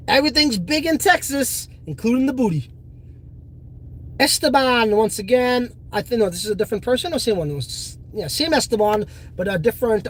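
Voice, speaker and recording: A man's voice: very high voice, husky. A man hosting a casual crypto livestream, reading viewer comments in a boastful, profane, rambling way.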